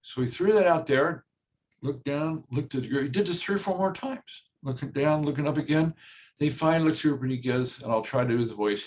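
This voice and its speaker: An older man, a home builder, presents a workshop in a plain-spoken, conversational way, often repeating his key phrases and pausing with "uh". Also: medium pitch. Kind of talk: conversational webinar talk.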